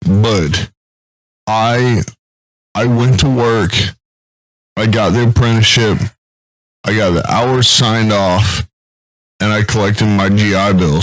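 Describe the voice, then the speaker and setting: A man's voice: fairly low pitch, a bit bright, dry recording, rough recording. A man speaking as a guest on a casual podcast chat, explaining things plainly and step by step. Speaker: guest, Air Force veteran.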